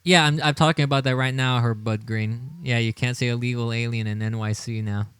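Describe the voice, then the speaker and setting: A man's voice: medium pitch, steady tone, a little fast, fairly bright tone, smooth, dry recording. A man hosting a political livestream, talking with indignation, often repeating his words and chuckling as he reads the chat. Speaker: livestream show host.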